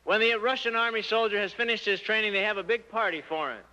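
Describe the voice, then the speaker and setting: A man giving a church talk to teenagers, an animated storyteller who asks rhetorical questions and acts out the dialogue. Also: high voice, fast talker. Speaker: church speaker addressing youth. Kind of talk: sermon-style talk to teens. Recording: muffled lo-fi recording.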